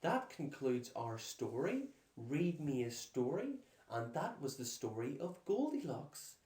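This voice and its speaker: A man slowly reading a children's storybook aloud, with expressive delivery. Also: mid-range voice. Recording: echoey room.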